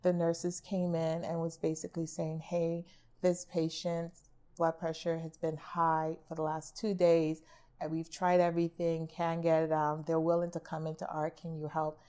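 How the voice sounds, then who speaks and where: A woman's voice: deep voice, completely flat delivery, moderate pace, warm tone. A middle-aged woman, an art therapist, talking casually in a podcast interview and acting out quoted remarks. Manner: chatty, acts out quoted remarks.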